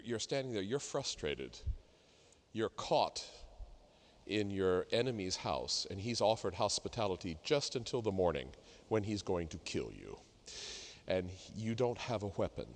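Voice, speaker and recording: Deep-voiced man coaching, halting delivery. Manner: halting, many fillers, sings snatches to demonstrate. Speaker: vocal coach leading a masterclass. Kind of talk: masterclass coaching. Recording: reverberant hall.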